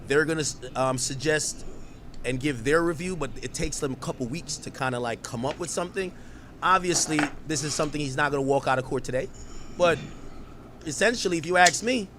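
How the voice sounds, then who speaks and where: Man, podcast host, high voice, brash and profane, gets shouty, faint hiss behind. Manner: animated, profane, at times shouting. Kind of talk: casual reaction commentary.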